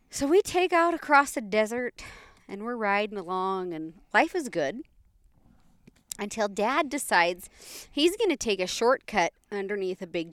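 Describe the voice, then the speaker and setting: A woman telling a story in casual chat, animated and laughing often, with playful sound effects. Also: mid-range voice, smooth, no echo, clean studio sound.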